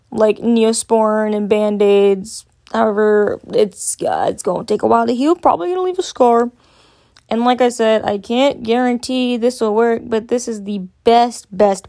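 A woman's voice: fairly high pitch, a little mellow. Chatty young woman rambling casually. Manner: rambling, filler-heavy, frequent "like"; candid, swears casually. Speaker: podcast host. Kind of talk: casual storytelling.

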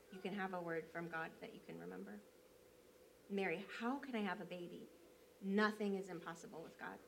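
A woman's voice: mid-range voice, a bit bright, slight background noise. A woman church elder, preaching a sermon by telling a personal story in a conversational way, with frequent fillers.

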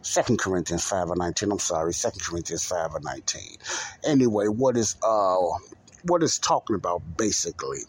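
A man's voice: deep voice, animated, moderate pace, husky. A man hosting a bible teaching podcast, talking emphatically, repeating points and asking the listener rhetorical questions. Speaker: podcast preacher.

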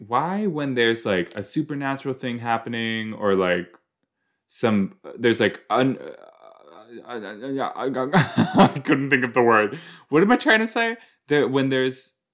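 A man's voice: mid-range voice, fairly bright tone. A man hosting a podcast, rambling playfully and reacting casually to an episode as he watches, with silly made-up words. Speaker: podcast host.

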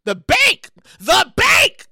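A woman hosting a casual solo podcast, excitable and rambling as she tells a story, with loud exclamations and frequent laughter. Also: extremely high pitch, very slow, creaky, no echo, studio quality. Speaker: podcast host.

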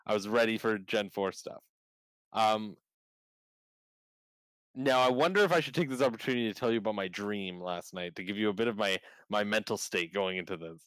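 A man hosting a casual podcast, telling a story with lively, acted-out reactions. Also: fairly low pitch, fairly quick, smooth, dry recording, poor audio. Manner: animated storyteller, acts out his own reactions. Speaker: podcast host.

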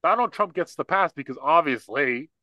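A man's voice: fairly high pitch, lively intonation, normal speed, pushed and bright, no echo. A young man co-hosting a podcast, talking bluntly in casual political chat, full of restarts and fillers. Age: young adult. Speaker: podcast co-host.

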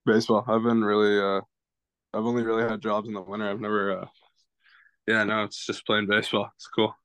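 A man's voice: fairly low pitch, flat delivery, a little fast, fairly bright tone, smooth, no room sound. Laid-back young man, dry sound. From US West Coast. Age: young adult. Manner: laid-back, laughs often, hesitant fillers. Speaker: college baseball pitcher, guest. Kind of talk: casual interview.

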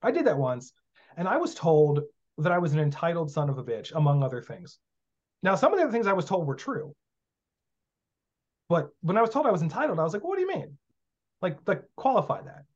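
Blunt, profane man with higher pitch. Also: very animated, fairly quick, pauses often, darkish tone. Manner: blunt, profane, acts out dialogue. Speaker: guest teaching magic. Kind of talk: casual podcast conversation. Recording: dull lo-fi sound.

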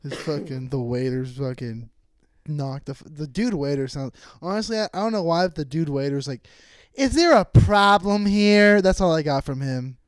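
A man's voice: mid-range voice, a little fast, darkish tone, no room sound. A young man co-hosting a podcast, chiming in with profane jokes in casual chat. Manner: wisecracking, profane. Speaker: podcast co-host. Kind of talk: casual chat, joking interjections.

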